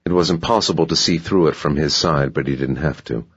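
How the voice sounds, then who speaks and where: A man narrating an audiobook in a slow, measured delivery. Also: very deep voice, fairly bright tone, husky, dry recording. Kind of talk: scripted narration. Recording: dull dry audiobook recording.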